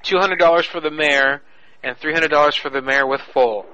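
A man hosting a radio prank-call show, talking in loud, crude, laughing banter. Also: fairly high pitch, fairly quick, no room sound, dull audio.

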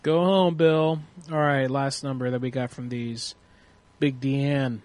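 A man's voice: mid-range voice, steady tone, unhurried, darkish tone. A man hosting a prank call livestream in casual, rambling chat, cursing freely and reading out viewer suggestions. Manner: rambling, profane, reads chat suggestions aloud. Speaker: prank call show host.

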